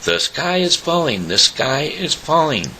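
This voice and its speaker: A man's voice: fairly high pitch, sing-song, unhurried, pushed and bright, a little hiss or hum, pitched above the performer's own voice, heavily acted. A man voicing a panicky little chicken, screaming in frantic alarm. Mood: panicked.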